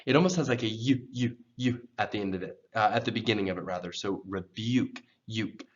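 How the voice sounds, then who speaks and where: A man teaching English pronunciation in a slow, careful lesson, patiently repeating words for learners. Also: on the low side. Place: church program video. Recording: dull, lo-fi sound.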